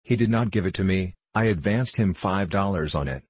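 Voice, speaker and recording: A man's voice: sits low, fairly quick, darkish tone, husky, no room sound. A man doing an earnest honest boy. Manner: earnest, hesitant.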